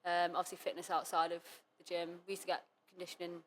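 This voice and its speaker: A woman's voice: lowish voice, monotone, quick pace, a little hiss or hum. A young woman guest on a casual podcast, chatty and full of fillers, quoting herself as she recalls things. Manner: chatty, lots of fillers and self-quotes. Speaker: guest cheerleader.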